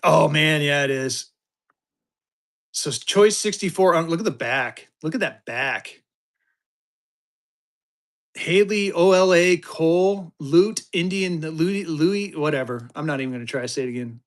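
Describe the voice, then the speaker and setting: Excitable fifty-something man auctioning to chat. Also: on the high side, a little slow, pauses often. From Colorado. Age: 50s. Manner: excitable, chatty, mild cursing, hypes items to chat. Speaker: live-stream auction seller. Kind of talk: casual live-stream selling.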